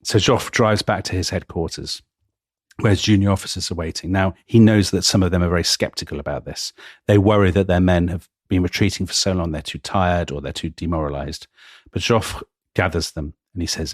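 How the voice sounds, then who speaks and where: Low husky man telling a story. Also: fairly quick, no echo, clean studio sound. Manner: dramatic retelling, frequent laughs. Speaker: podcast co-host. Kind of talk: casual history podcast storytelling.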